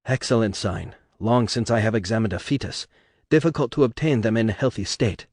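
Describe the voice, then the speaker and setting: A man's voice: lowish voice, animated, brisk, darkish tone, dry recording, studio quality. A man voicing a fussy, coldly curious male doctor who speaks clinical, broken English. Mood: pleased.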